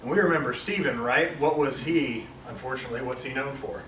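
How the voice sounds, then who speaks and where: A man's voice: mid-range voice, brisk, a bit bright, a little hiss or hum. A man leading a Bible study class, talking informally and correcting himself, with lots of fillers. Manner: rambling, self-correcting, with many fillers. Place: classroom with a large screen. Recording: echoey room, far from mic.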